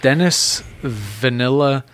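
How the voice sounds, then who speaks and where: A man's voice: mid-range voice, takes it slowly, fairly bright tone, no echo. A man co-hosting a film chat, explaining plots in a playful, chatty way. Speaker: podcast co-host. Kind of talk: casual chat.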